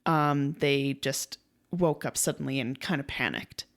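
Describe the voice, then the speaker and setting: A woman's voice: extremely low pitch, measured pace. A young woman co-hosting a casual podcast, retelling a story in a chatty way, acting out quotes and laughing easily. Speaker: podcast co-host.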